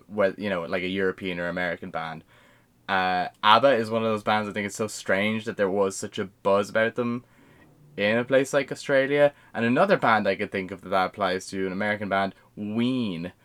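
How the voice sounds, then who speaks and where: A man's voice: sits low, fairly bright tone, smooth. Rambling, swearing man on a podcast. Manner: rambling, swears freely, many fillers and restarts. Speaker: podcast co-host. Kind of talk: casual chat.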